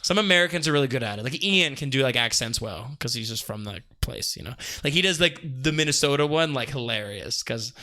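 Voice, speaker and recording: Bright-voiced young man, rambling. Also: medium pitch, expressive, fairly quick, hardly any pauses. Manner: rambling, laughing, defensive. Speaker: co-host, teacher. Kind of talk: casual podcast chat.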